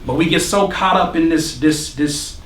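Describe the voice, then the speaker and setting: A man giving an energetic, preachy motivational talk to a live audience, quizzing the crowd and joking along the way. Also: a little high, normal speed. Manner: energetic, preachy, questions the crowd, jokes and laughs. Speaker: motivational speaker at a producer workshop. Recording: roomy hall, speaker far from the mic.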